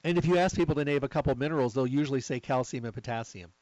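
A middle-aged man hosting a supplement talk, telling stories in a chatty, lively way. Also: medium pitch, rapid-fire, dry recording, highs cut off. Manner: chatty storyteller, lively asides. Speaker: health supplement talk host. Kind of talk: casual monologue.

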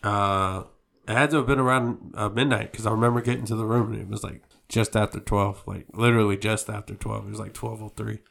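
A man's voice: on the low side, steady tone, fairly quick, vocal fry, a bit bright. A man co-hosting a podcast in casual chat, laid-back and profane, laughing often. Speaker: podcast co-host.

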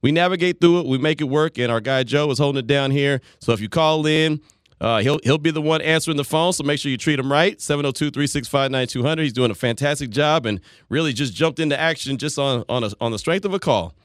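A man's voice: on the high side, quick pace, no room sound, studio quality. A man hosting a sports talk radio show, chatting loosely and rambling between listener messages and calls. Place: radio studio. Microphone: studio microphone.

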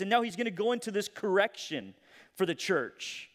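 A man preaching a sermon, retelling scripture in an animated way that swings between loud emphasis and hushed asides. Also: high-pitched, fairly quick, in a large hall. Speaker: pastor.

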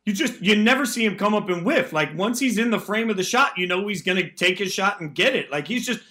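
A man's voice: sits high, lively intonation, fairly quick, bright, forceful tone. A man hosting a sports talk radio show, talking energetically about football and taking callers. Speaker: radio host.

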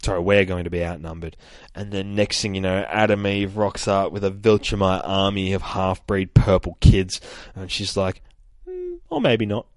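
Low-voiced man chatting through a comic. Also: level tone, normal speed, no room sound. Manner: casual, chatty, swears, many fillers; holds his voice down. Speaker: comic book reader. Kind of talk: casual comic read-through. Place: home with a child asleep nearby.

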